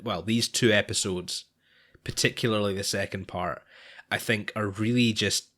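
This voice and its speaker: A man with a fairly low voice chats casually as a podcast co-host. He hesitates often, restarting his sentences and sighing between thoughts. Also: fairly even intonation, moderate pace, a bit bright. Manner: hesitant, lots of restarts and sighs. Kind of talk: casual chat.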